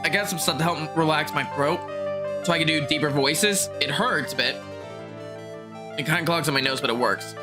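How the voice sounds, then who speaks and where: A woman's voice: low-pitched, moderate pace. Chatty woman streamer. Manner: chatty, rambling explanations. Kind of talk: casual chat. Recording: music playing behind.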